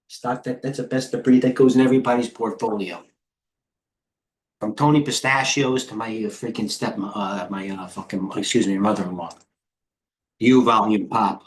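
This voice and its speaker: A man, hosting a live trading stream in brash, rambling commentary that reads out chat and lets slip swear words. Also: medium pitch. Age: 50s. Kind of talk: casual live market commentary.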